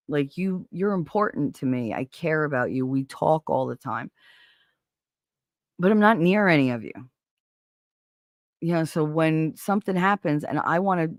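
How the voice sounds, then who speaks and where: A livestream host sits at her home computer chatting with live viewers, candid and emotional, rambling and occasionally swearing. She has a low voice, and the recording is dry and studio quality.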